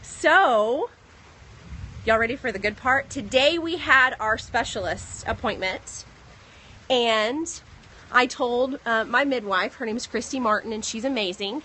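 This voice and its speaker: A pregnant woman telling a personal story in a casual vlog, recorded outdoors on a phone in the rain, animated as she retells what others said. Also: fairly high pitch, a little slow, low-quality recording. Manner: earnest, animated retelling with quoted dialogue. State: pregnant, second trimester. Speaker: vlogger. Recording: faint outdoor noise, rain.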